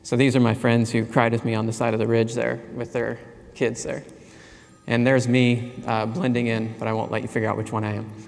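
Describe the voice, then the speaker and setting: A man in his forties giving a conference keynote, telling personal stories in an earnest, self-deprecating way with pauses. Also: mid-range voice, little pitch movement, creaky. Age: 40s. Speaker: keynote speaker. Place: large conference hall. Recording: reverberant hall.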